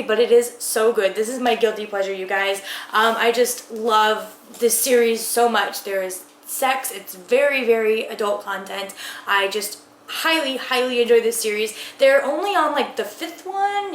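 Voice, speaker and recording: A woman's voice: fairly high pitch, a bit bright, reverberant, slight background noise. A woman from the southern United States, chatting enthusiastically as a book vlogger in a casual tag video. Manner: gushing, enthusiastic, chatty with fillers.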